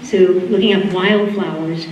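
A woman's voice: fairly low pitch, steady tone, measured pace, muffled recording. Boston-accented woman host, rambling intro full of "um"s, distant mic in a reverberant hall. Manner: warm rambling with fillers and laughs. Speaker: school event host introducing speakers. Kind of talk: live lecture introduction. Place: lecture hall. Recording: echoey hall, distant mic, faint room noise.

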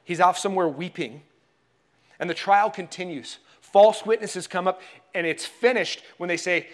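High-voiced pastor telling a story. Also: male voice, normal speed. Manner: expressive storytelling, dropping to hushed tones for emphasis. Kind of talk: sermon. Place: church.

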